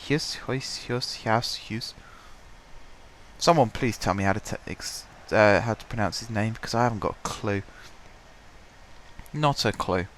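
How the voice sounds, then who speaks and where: A man casually commentating his own football management game, his voice stuffy and blocked up, chatty and self-mocking, clearing his throat now and then. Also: medium pitch, fairly bright tone, slight background noise. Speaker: gaming commentator. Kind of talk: casual let's-play commentary.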